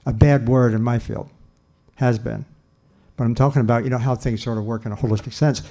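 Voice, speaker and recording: Older man lecturing, mellow voice. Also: medium pitch, fairly even intonation, fairly quick. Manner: earnest, emphatic, with frequent restarts and fillers. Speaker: nutrition researcher giving a lecture. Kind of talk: lecture talk.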